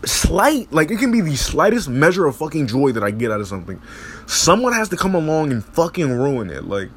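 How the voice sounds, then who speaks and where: A man's voice: on the high side, a little hiss or hum. A teenage boy ranting in frustration, swearing constantly and rambling with many restarts. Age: teens. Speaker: high school student venting. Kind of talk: casual rant.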